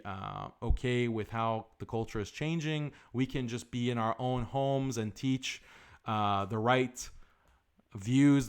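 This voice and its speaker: Male host, forceful live-stream commentator, medium pitch, repeats points.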